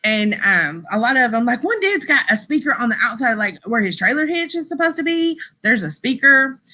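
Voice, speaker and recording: A woman's voice: on the high side, big pitch swings, fairly quick, sharp tone. A woman hosting a casual live stream, chatting and rambling to her viewers, laughing often and saying y'all.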